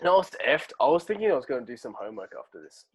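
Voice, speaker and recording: A young man co-hosting a podcast, chatting casually and reacting with excitement to his friends' stories. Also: mid-range voice, racing, a little hiss or hum. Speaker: podcast co-host. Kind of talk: casual chat.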